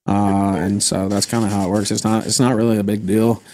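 A man's voice: lowish voice, level tone, fairly quick, warm tone. Easygoing man with light Southern accent. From Memphis, Tennessee, USA. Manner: easygoing, many "uh" fillers, laughs often. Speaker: stream host. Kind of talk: casual chat.

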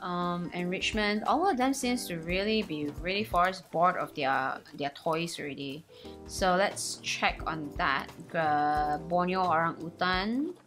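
A young woman, hosting a let's play and commenting excitedly as she plays. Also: unhurried. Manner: excitable, squealing highs and gasps. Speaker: gaming channel host. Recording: faint game music behind.

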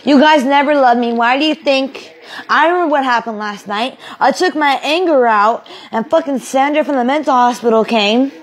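A woman's voice: high voice, normal speed, natural voice, low-quality recording. A young woman acting a volatile young woman kicked out by her family, ranting and swearing with sarcasm in an amateur film. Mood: angry.

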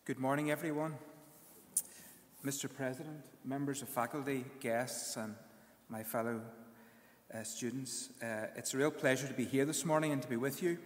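A man with a British accent, a graduating student giving an earnest speech at his ceremony, often pausing on fillers. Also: medium pitch, echoey room, long reverb tail, slight background noise. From United Kingdom.

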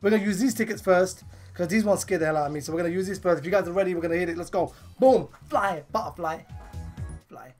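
A woman with a hoarse, partly lost voice giving casual commentary on her game pulls, excitable and bursting into laughs and shouts. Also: on the low side, quick pace, faint music behind. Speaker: gaming channel host.

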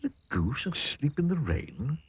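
A man voicing a slow-talking, puzzled storybook farmer, over a dull lo-fi recording with music behind. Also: on the low side, wildly swooping pitch, breathy edge, dry recording, exaggerated voice. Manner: slow, deliberate, bemused.

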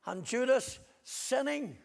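Gravelly Northern Irish preacher, impassioned. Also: male voice, animated, takes it slowly. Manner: impassioned preaching, swinging between loud cries and hushed low repetitions. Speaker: pastor. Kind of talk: sermon. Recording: long hall reverb.

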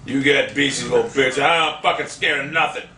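A man giving live gameplay commentary, cursing and trash-talking opponents, often bursting into angry shouts. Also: mid-range voice, normal speed, roomy sound, recorded from a distance, faint music behind.

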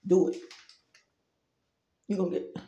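A woman's voice: unhurried, mellow, roomy sound, highs cut off. A woman vlogger giving casual spiritual advice, chatty and rambling, talking straight to her viewers.

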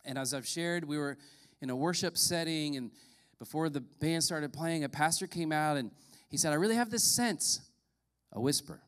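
A man's voice: on the high side, animated, moderate pace. A pastor in his late thirties or forties preaching a sermon, telling a personal story earnestly with emphatic rises.

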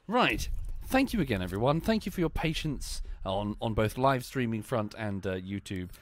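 A man's voice: lowish voice, sing-song, moderate pace. A man whose voice is failing, rambling and correcting himself with fillers as he wraps up a live game stream. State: voice failing, hoarse. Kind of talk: casual sign-off chat.

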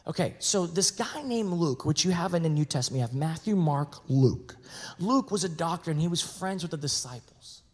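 Animated pastor in an echoing hall. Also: male voice, on the high side, normal speed. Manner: animated, swinging from hushed to shouting. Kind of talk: sermon. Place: large church sanctuary. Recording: reverberant church hall.

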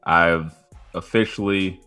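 A man's voice: sits low, fairly even intonation, slow, pushed and bright, smooth, faint music behind. A man co-hosting a podcast, telling stories in a laid-back, laughing, profane way. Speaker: podcast co-host. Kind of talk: casual chat.

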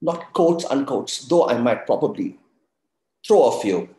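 A man's voice: medium pitch, animated, a little slow, dark tone. Echoey man giving a motivational talk. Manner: emphatic, asks the audience questions. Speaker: webinar speaker.

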